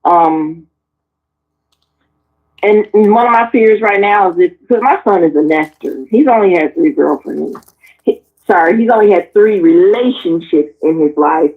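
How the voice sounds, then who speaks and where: A woman in her forties, frank and animated, telling personal stories on a talk panel and swearing freely as she acts out the people in them. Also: on the low side. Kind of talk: candid personal storytelling. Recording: tinny phone-like sound.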